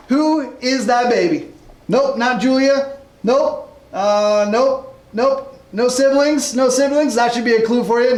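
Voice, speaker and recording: A man's voice: very high-pitched, reverberant. A man hosting a live-stream guessing game for a youth group, upbeat and chatty as he rattles off viewers' guesses.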